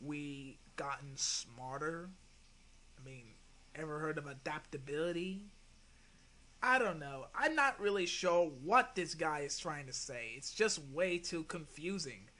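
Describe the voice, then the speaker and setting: A man's voice: fairly high pitch, expressive, measured pace, sharp tone. A man hosting his own channel, rebutting another video in an exasperated, sighing way with some swearing. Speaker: channel host responding to a video. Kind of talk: casual commentary rebuttal.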